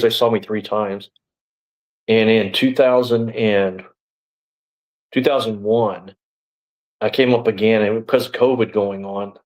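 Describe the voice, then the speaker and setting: A middle-aged man speaks in a low voice, telling his story in a loose, rambling way. He is blunt and throws in "you know" and restarts often. He sounds like an interview guest recounting events at length. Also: poor audio. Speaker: interview guest, former sheriff's deputy.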